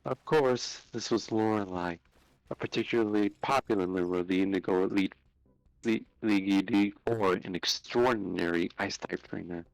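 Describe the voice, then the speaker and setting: A man narrating a fan story aloud on a live stream, unhurried, with small slips and restarts. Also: lowish voice, creaky, dry recording, poor audio.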